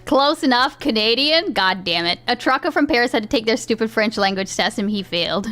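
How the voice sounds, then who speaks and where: A woman's voice: a little high, animated, a little fast, fairly bright tone. A woman livestreamer chatting casually with her chat, rambling, restarting sentences and laughing often. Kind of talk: casual live-stream chat. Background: faint chill background music.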